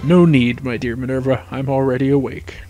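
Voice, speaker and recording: A man reading aloud, voicing an old wise headmaster who speaks softly and sternly. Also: mid-range voice, fairly even intonation, brisk, over music, natural voice. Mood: calm. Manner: soft, stern. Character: old wise male headmaster, calm and twinkling.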